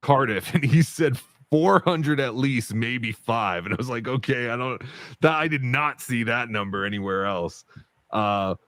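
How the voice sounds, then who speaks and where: A man's voice: mid-range voice, animated, a little slow, fairly bright tone, dry recording. A man co-hosting a podcast, chatting casually and rambling with many asides. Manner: rambling, lots of fillers and asides. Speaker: podcast co-host. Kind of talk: casual chat.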